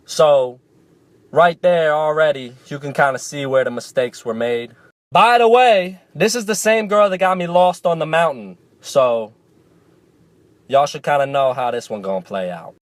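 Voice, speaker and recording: Animated, profane young-sounding male storyteller. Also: fairly high pitch, moderate pace, no room sound. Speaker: vlogger. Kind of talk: casual storytelling to camera.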